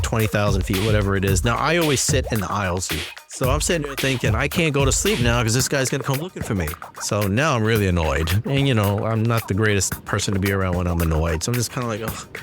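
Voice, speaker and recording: A man casually telling a personal story and acting out the dialogue. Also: medium pitch. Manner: animated, acts out quoted dialogue. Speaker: storyteller guest. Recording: music bed behind. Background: music.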